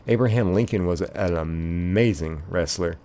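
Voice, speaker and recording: A man with a fairly low voice hosts a casual live stream, reading out viewer messages and replying to each one. He rambles a little and leans on "like" as he talks things through. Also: normal speed, mellow. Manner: reads viewer chat aloud and answers it; rambling, many filler "like"s.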